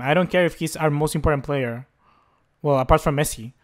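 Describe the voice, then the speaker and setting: A young man commentates his own game with a high, bright voice. He is excitable and quick to curse, often yelling straight at the screen. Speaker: gaming YouTuber.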